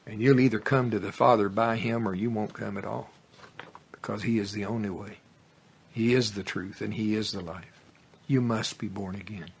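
Husky, fervent male preacher. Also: on the low side, steady tone, moderate pace. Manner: fervent, rising to exclamations, tongues. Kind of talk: sermon.

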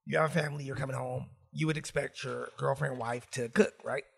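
A man's voice: mid-range voice, steady tone, a little fast, vocal fry, a bit bright, breathy edge. A man co-hosting a casual podcast, steering the talk with leading questions and agreeing in short replies. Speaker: podcast co-host.

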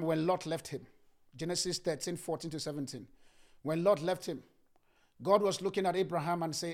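This pastor's sermon comes in a high, energetic male voice. Important lines get repeated for emphasis, and he moves back and forth from booming statements to soft, hushed remarks.

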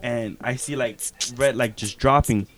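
A man's voice: medium pitch, steady tone, a little slow, fairly bright tone, slight background noise. A young man telling a story in casual chat, slangy and laid-back, often repeating his words.

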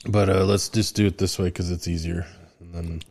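A man's voice: low voice, little pitch movement, normal speed, darkish tone. Rambling casual man testing his setup. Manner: rambling, laughs at himself, many restarts. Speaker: podcast co-host. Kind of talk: casual chat.

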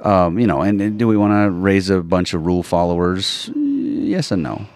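A man co-hosting a casual parenting podcast, animated and quick to laugh, often tagging "right?" onto his points. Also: low-pitched, no room sound. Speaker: podcast co-host.

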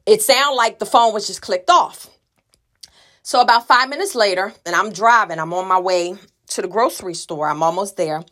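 A woman's voice: medium pitch, moderate pace, pushed and bright. A middle-aged woman telling a personal family story in a conversational way, acting out the voices of the people she quotes. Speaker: listener sharing a story.

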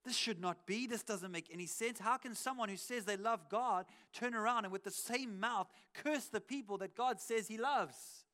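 Wearing a cheek headset microphone, this pastor talks through his sermon in a church auditorium, performing quotes with wry remarks on the side. He has a high, sharp-toned voice and keeps a moderate pace with few pauses.

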